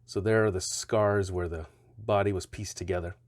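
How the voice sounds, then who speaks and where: A man's voice: sits low, steady tone, normal speed, no echo, clean studio sound. A man casually reviewing stretchy toy figures, chatty and rambling, often correcting himself mid-sentence.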